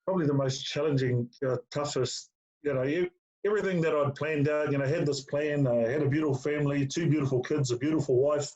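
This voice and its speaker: Brisk and slightly mellow, this middle-aged man's a little high voice belongs to a former player appearing as an interview guest. He chats casually, telling stories full of fillers and calling the host mate, captured with lo-fi, dull sound.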